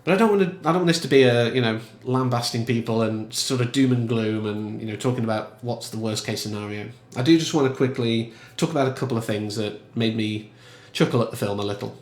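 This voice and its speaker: A man giving casual, emphatic film commentary in a chatty, animated way. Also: mid-range voice, brisk, hardly any pauses, reverberant. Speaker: film reviewer.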